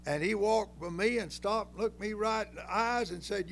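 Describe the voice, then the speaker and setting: An older man preaching a folksy, emphatic sermon that climbs to loud peaks and then drops low. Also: moderate pace, gravelly, slight background noise.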